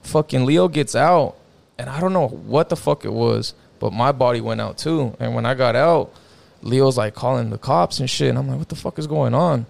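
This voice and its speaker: A young man recounts a personal story in loose, casual chat, his voice heavily gravelly with a deep vocal fry. His talk is slangy and full of swearing, with "bro" and "like" dropped in constantly. His pitch sits at an everyday middle level. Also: moderate pace. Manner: slangy, profane, peppered with "bro" and "like". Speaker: guest telling a personal story.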